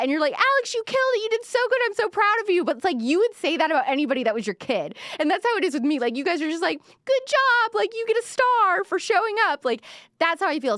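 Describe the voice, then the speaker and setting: A young woman hosts a pop culture show, chatting casually to camera in a clean, dry studio recording. She's self-deprecating, uses lots of fillers, and slips into playful quoted voices; her mid-range voice has a slight brightness.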